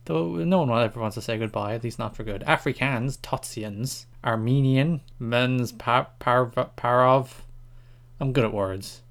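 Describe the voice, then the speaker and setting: A man's voice: medium pitch, unhurried, creaky, fairly bright tone. A man from Ireland hosting a casual solo podcast, joking at himself and stumbling through foreign words. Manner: self-deprecating, stumbles over foreign words with laughs. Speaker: podcast host.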